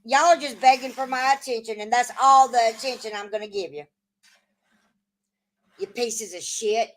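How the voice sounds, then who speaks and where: A woman with a fairly high voice, speaking at normal speed, hosts a casual livestream. She swears often and argues back at her chat.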